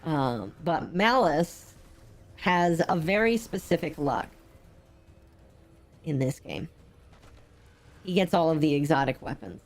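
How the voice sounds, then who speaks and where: A woman with a low-pitched voice talks over a game she is streaming. She rambles with plenty of ums, and she sounds unwell and drained of energy. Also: expressive, slow pace, long pauses, faint music behind. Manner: rambling, frequent laughs and ums. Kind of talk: casual gameplay commentary.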